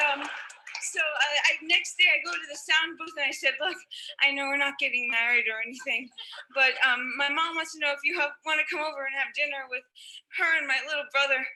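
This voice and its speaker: Bright-voiced young woman telling a story. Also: sits high, rough recording. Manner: halting, many fillers and restarts. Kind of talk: personal storytelling.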